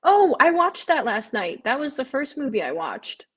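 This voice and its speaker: A woman's voice: sits high, big pitch swings, normal speed, a bit bright. A woman hosting a live stream, chatting casually and answering viewer comments, with frequent "um" fillers and repeated phrases. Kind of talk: casual live watch-along chat.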